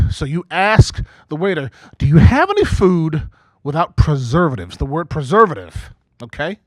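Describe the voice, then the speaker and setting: A man over forty working a live stand-up set, his voice sitting a little high for a man. He chats with the crowd, tosses in "okay?" after his lines and slips into quick put-on voices for his stories. The sound is close and dry. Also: fairly bright tone, no echo. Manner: conversational, frequent "okay?" asides, acts out quoted voices. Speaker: stand-up comedian and emcee. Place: small community TV studio stage before a live audience.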